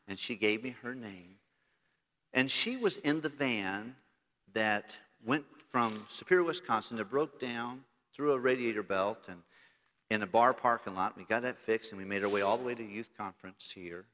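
A middle-aged American pastor delivers an earnest sermon, his bright, sharp voice rising to loud declarations and sinking to hushed confidences. The sound carries a long reverb from a large church sanctuary. His tone stays at an everyday middle pitch. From United States. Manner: earnest preaching, voice swelling loud then dropping low and intimate.

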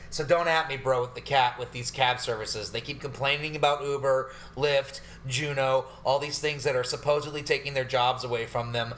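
A man co-hosting a podcast, telling stories in a loose, profane, animated way. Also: medium pitch, brisk, a little hiss or hum. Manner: profane, animated ranting storyteller. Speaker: podcast co-host. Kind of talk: casual chat. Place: New York.

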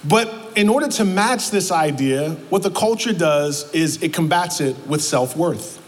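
A pastor preaches a sermon in church with a voice on the high side, expressive and at a measured pace. He's emphatic, repeating his words and calling out to the congregation. Long hall reverb and faint ambience fill the recording.

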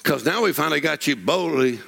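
A man preaching a sermon in a church, telling folksy stories and building up to shouted declarations. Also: fairly high pitch, lively intonation, brisk, creaky, a crowd in the background. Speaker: pastor. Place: church sanctuary.

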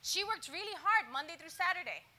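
A church speaker with a very high, animated voice gives a chatty, conversational sermon, brisk and bright with a forceful tone. She talks straight to her audience and acts out little dialogues with laughs.

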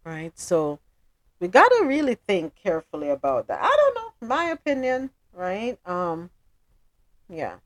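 A woman from South Florida hosting a news-recap podcast. She reads the stories evenly, then turns loud and emphatic when she gives her opinions. Her voice is mid-pitched and recorded dry and close, with no room echo. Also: wildly swooping pitch, measured pace. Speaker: podcast host. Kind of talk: news recap with personal commentary.

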